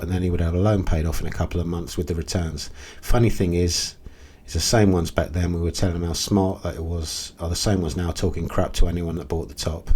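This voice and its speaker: Blunt low-voiced man with a husky tone. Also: dark tone. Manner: blunt, exasperated, with frequent ums and restarts. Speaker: crypto video host. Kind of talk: casual commentary video.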